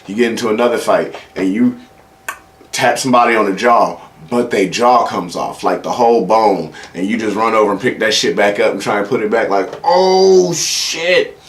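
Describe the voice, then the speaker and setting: A man's voice: on the low side, steady tone, a little fast, fairly bright tone. A man hosting a casual solo comedy show, rambling and profane, talking straight to his audience. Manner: rambling, profane, acts out quoted voices. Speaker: comedy podcast host. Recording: echoey room with faint ambient noise.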